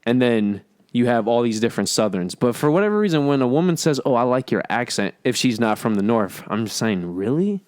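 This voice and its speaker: Brief: young New York co-host, earnest and talkative, mid-pitched, dry close mic. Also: male voice, very animated, fairly quick, darkish tone, clear, resonant tone, dry recording. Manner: earnest, explains his views at length. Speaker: podcast co-host. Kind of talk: casual chat.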